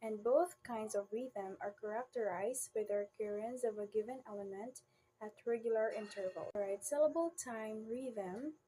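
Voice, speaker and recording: A woman's voice: a little high, normal speed, mellow, a little hiss or hum, poor audio. A woman presenting a classroom lesson, reading definitions aloud and demonstrating word stress in example sentences. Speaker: student presenter.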